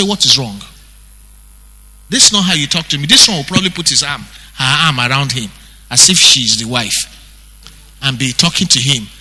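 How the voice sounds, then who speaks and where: A male pastor with a Nigerian accent, preaching an animated sermon that acts out the scriptures he quotes. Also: on the high side. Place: church hall. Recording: breathy voice in long hall reverb.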